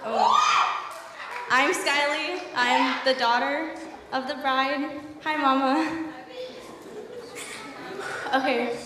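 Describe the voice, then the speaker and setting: A woman's voice: sits high, steady tone, slow, very noisy. A young woman, the bride's daughter, giving a gushing, emotional wedding toast at a reception. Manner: emotional, gushing, laughing through tears. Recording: echoey hall from far off, crowd.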